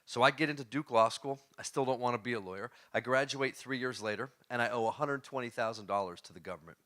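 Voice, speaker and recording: A man giving a storytelling talk to a live audience. He is animated, laughs often, and throws questions at the crowd. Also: medium pitch. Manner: laughs often while telling stories. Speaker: motivational speaker.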